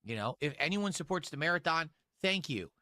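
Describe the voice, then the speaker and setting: A man's voice: fairly high pitch, very animated, brisk, pushed and bright, no room sound. A man on a stream clip, insisting defensively that he is happy and doing fine.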